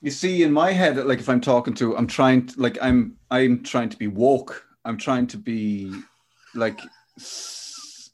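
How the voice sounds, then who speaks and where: A man's voice: medium pitch, moderate pace, darkish tone. An Irish man hosting a podcast, talking hesitantly with many restarts. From Ireland. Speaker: podcast host. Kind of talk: casual podcast chat.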